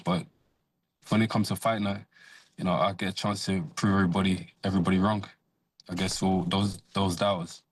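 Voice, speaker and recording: A man, a professional boxer, answering radio interview questions in a measured, hesitant way with many fillers. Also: fairly low pitch, dry recording.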